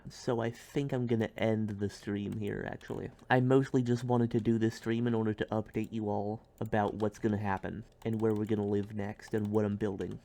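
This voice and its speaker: A man streaming a building game, rambling casually with goofy jokes and sudden silly loud outbursts. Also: lowish voice, vocal fry. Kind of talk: casual gameplay commentary.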